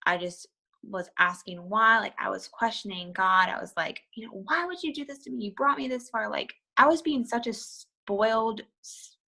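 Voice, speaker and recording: A woman telling her business setback story in an interview, candid and chatty, full of "like" and "you know", leaping up in pitch to act out her past self. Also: sharp tone, poor audio. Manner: acts out her past self with sudden high-pitched bursts. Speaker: interviewee, network marketer.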